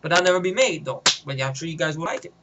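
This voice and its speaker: Man, high voice, loose rambling, filler-heavy, movie-idea vlog. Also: expressive, very fast, background noise. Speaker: vlogger. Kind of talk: casual retelling of a movie idea.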